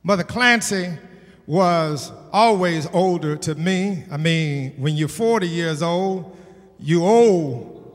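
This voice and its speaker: A man preaching a sermon as pastor of his church, emphatic and repeating his points, building to shouts. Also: fairly high pitch, slow, long reverb tail. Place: church sanctuary.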